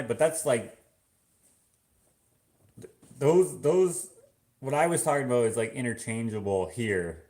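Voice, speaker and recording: A man's voice: mid-range voice, lively intonation, a little slow, pauses often, darkish tone. A man with a Canadian accent chatting casually at home while washing dishes, musing aloud and wandering between thoughts with lots of fillers. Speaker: vlogger. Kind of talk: casual rambling chat.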